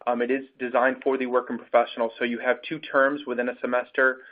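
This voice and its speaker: A man runs the question section of an online program webinar, reading questions aloud and pausing on many fillers. His pitch is middling and the line is narrow and phone-like. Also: little pitch movement. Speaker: enrollment advisor hosting Q&A.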